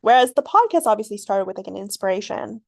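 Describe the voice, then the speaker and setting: A woman talks through her thoughts on her solo podcast, wandering from point to point and leaning on fillers with frequent laughs. Her voice sits at a middle pitch. The sound is close and dry, with no room around it. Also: lively intonation, quick pace, vocal fry, no echo. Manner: rambling, filler-heavy, laughs often. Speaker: podcast host. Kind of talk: reflective solo podcast monologue.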